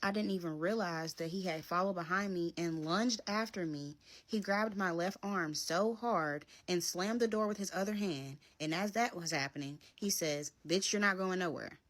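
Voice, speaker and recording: Woman, casual storytime, blunt, candid, lower voice. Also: normal speed, few pauses. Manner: candid and blunt, retelling events play by play.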